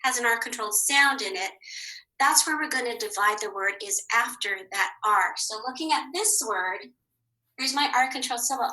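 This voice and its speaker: A woman teaching a children's phonics lesson, patient and clear, saying each word twice with the second higher. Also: bright, forceful tone, poor audio. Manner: clear, patient, sing-song.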